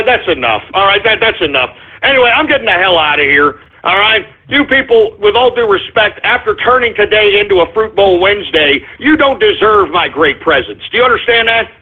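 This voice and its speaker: A man's voice: sits high, animated, brisk, hardly any pauses. A man hosting an internet radio show, ranting at his listeners in an exasperated, berating way. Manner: exasperated, berating, swears often. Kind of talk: ranting call-in radio monologue. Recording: tinny phone-line sound.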